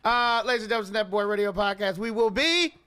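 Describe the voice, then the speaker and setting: A man in his thirties hosting a podcast in laid-back casual chat, with quick asides and frequent laughs. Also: high voice, lively intonation, pushed and bright, clear, resonant tone. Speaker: podcast host.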